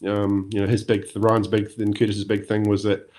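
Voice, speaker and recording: A middle-aged man with a New Zealand accent, chatting as a podcast guest in a relaxed, rambling way with many fillers. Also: on the low side, normal speed. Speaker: podcast guest, former motocross champion. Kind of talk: casual interview chat.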